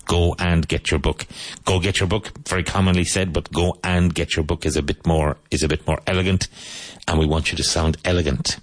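A man with a Cork Irish accent teaching English phrases to Spanish speakers, repeating each model sentence slowly and deliberately. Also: deep voice, little pitch movement, no echo. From Ireland (Cork).

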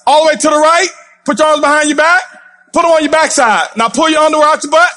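A man giving a fired-up motivational speech from a stage, intense and passionate, yelling at the crowd. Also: extremely high pitch. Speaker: motivational speaker. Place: stage before a live audience.

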